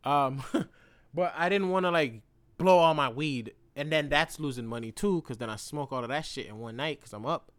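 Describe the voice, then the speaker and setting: A man hosting a podcast, telling a story in a loose, slangy way with plenty of swearing. He swings between loud bursts and low mumbles. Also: normal speed, clear, resonant tone, no echo. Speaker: podcast host. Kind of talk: casual storytelling monologue.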